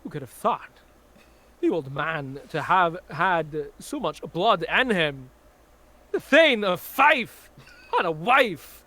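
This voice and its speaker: A man doing an impression of a famous actor with a put-on Scottish accent, reciting Shakespeare in a halting, drawn-out theatrical way. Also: high voice, very animated, sharp tone, heavily acted. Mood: brooding. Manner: halting, dramatic, drawn-out line delivery.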